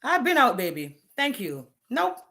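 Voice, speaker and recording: A woman's voice: fairly high pitch, sing-song, moderate pace, a bit bright. A woman, ranting bluntly and profanely on a live stream, challenging her viewers. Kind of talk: candid live-stream rant.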